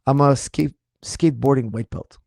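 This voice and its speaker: A man coaching martial arts who answers viewer questions in a casual livestream, speaking in an animated, incredulous and mocking way, his voice slightly strained. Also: medium pitch, moderate pace, creaky, slightly rough, no echo, studio quality.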